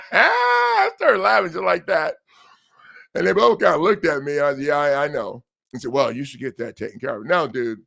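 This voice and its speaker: A man's voice: medium pitch, vocal fry. A man hosting a livestream, casually telling a story and acting out the people he quotes. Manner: animated, laughing storyteller who acts out quotes. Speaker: livestream host.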